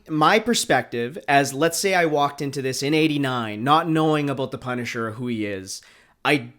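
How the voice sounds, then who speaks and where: A man from Canada co-hosting a movie podcast in relaxed, hesitant casual chat. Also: mid-range voice. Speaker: podcast co-host.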